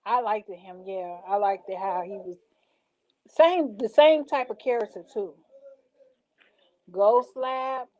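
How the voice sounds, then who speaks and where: Slow-talking chatty woman vlogger. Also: medium pitch, darkish tone, low-quality recording. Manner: chatty, reads titles aloud, slangy asides. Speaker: vlogger reacting to show picks. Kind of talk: casual reaction chat.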